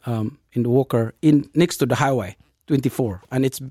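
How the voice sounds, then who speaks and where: A man telling a personal story in casual talk, halting and restarting often and speaking English as a non-native speaker. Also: no room sound, clean studio sound. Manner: halting, with many restarts and fillers; acts out quoted dialogue with lively jumps in pitch. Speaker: storyteller in a conversation.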